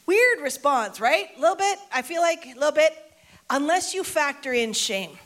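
A woman preacher with a fairly high voice tells a Bible story in an informal, conversational way. She repeats key lines for emphasis and keeps the tone chatty. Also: normal speed, fairly bright tone.

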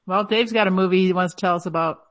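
A woman's voice: lowish voice, steady tone, fast, fairly bright tone. A woman co-hosting a casual podcast, chatty and telling stories. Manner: chatty, storytelling, recommends things. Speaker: co-host.

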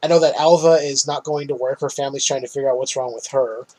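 A man casually recapping a movie on a podcast, animated, laughing often and swearing freely. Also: medium pitch, fast, husky. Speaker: podcast co-host.

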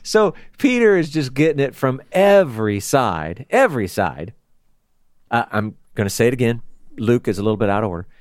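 A man leading a casual Bible study, talking in a chatty, animated way and laughing often. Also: mid-range voice, moderate pace, dry recording, studio quality. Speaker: Bible teacher.

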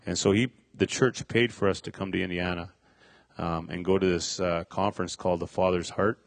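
A middle-aged man telling a personal faith testimony, halting, with many fillers and restarts. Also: deep voice, steady tone, no room sound. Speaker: speaker sharing a testimony.

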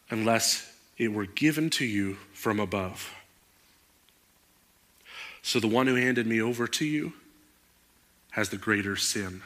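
A man preaching a sermon, animated and moving into emphatic outbursts. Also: on the low side. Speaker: pastor.

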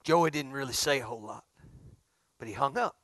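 A middle-aged man preaching a folksy storytelling sermon, swinging from hushed asides to loud outbursts. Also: mid-range voice, a little fast, dry recording, studio quality.

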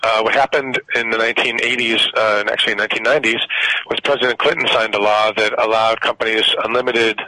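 A man's voice: on the low side, fairly even intonation, fast talker, sharp tone, rough recording. A man being interviewed on radio about a report, explaining earnestly with many fillers. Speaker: policy researcher guest.

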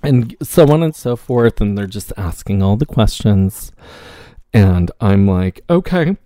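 A man telling a casual personal story, acting out the back-and-forth of the people in it with lively reactions. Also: lowish voice, a little slow, dry recording, clean studio sound. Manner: animated, acts out quoted exchanges.

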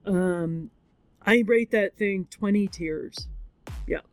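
A woman's voice: mid-range voice, slow pace, soft background music. A woman hosting a podcast, recapping a movie in casual talk, candid and tearful, with frequent swearing. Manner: candid and expressive, swears freely, acts out voices. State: tearful, crying. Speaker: podcast host.

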